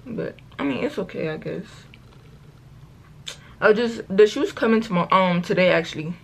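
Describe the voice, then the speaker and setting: A woman's voice: medium pitch, lively intonation, moderate pace, vocal fry. A teenage girl chatting in a get-ready-with-me vlog at home, rambling through a story in slangy talk, correcting herself and calling out to her viewers often. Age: late teens. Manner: chatty, rambling storytelling, keeps saying y'all. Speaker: vlogger.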